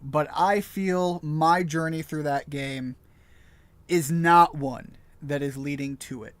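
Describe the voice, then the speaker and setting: A man live-streaming a game, talking it over in a casual, thoughtful, halting way. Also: on the high side, fairly even intonation, fairly bright tone, no echo. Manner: thoughtful, halting, searching for words. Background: game music.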